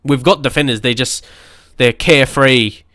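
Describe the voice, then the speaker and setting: A young man, giving casual, excitable commentary on a football management game and often laughing at himself. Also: medium pitch, no room sound, studio quality. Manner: excitable, quick to shout at match moments, laughs at himself. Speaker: gaming YouTuber.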